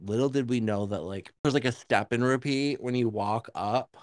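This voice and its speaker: A man's voice: medium pitch, normal speed, no echo, clean studio sound. A young man co-hosting a podcast, telling rambling stories in casual chat with lots of fillers and swearing. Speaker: podcast co-host.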